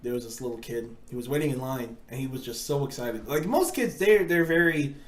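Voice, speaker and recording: A young man chats and tells stories in a casual podcast, breaking into laughter often and leaning on fillers. His pitch rises and falls freely. The room around him has a clear echo. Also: expressive, a little fast. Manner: storytelling with frequent laughter and fillers. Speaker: podcast co-host. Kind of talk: casual chat. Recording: echoey room.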